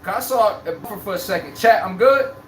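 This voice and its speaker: A man's voice: high voice, brisk. A brash man holds forth on a live sports fan stream, talking trash and cackling at his chat. His voice rings out in a roomy space with a faint hiss of noise behind him. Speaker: sports livestream host.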